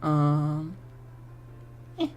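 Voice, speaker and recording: Young female streamer, lowish voice, desk mic at home, casual and profane, acts out the people in her stories. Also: very animated, extremely slow, a little mellow, dull audio, a little hiss or hum. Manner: swearing, laughing, storytelling, plays the people she quotes. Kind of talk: casual chat while drawing on stream.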